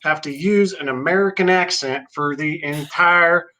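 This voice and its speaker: A man being interviewed as a guest, friendly and relaxed, trading jokes with the host. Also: on the high side, moderate pace, low-quality recording. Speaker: guest, technical director. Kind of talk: casual interview talk.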